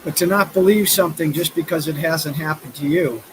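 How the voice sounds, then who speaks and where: A man's voice: on the high side, a little fast, a little hiss or hum, low-quality recording. A man in his fifties chatting casually on a live stream, rambling through stories with lots of fillers. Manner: rambling storytelling with frequent fillers. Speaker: vlogger. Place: outdoors by a river.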